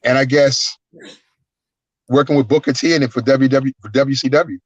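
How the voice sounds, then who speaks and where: A man, a guest wrestler, telling stories in an animated, profane way and acting out the voices. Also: medium pitch, normal speed, no echo. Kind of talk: casual storytelling. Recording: dull lo-fi, dry sound.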